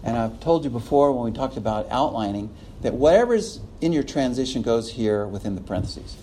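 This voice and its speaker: Lively man teaching a class. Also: medium pitch, a little fast, slight background noise. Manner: lively, chuckles often, acts out quotes. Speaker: preaching instructor. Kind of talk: classroom lecture.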